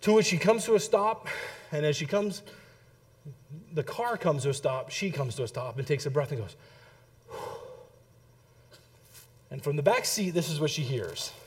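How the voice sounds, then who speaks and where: Pastor guy, middle-aged, chatty storytelling sermon, fairly high voice. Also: normal speed. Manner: storytelling, lively, addresses the congregation with "okay?".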